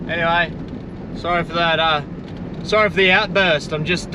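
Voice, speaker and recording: A man's voice: fairly high pitch, expressive, moderate pace, pauses often. Laid-back Aussie travel vlogger, young man, slangy and upbeat, recorded outside with wind in the mic. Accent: Australian. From Australia. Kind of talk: casual travel vlog. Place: outdoors on a windy coast. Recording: outdoor recording with wind noise.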